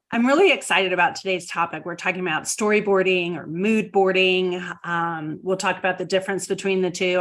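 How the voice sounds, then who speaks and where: A woman's voice: on the low side, a bit bright. Upbeat woman presenting a photo talk. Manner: upbeat, enthusiastic. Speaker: guest speaker, photographer.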